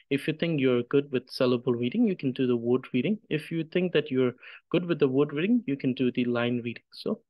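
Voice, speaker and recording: A man teaching a reading lesson, patient and measured, demonstrating pronunciation slowly syllable by syllable. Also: on the high side, no room sound. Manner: careful, measured, pauses after each syllable when demonstrating. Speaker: Tibetan language teacher.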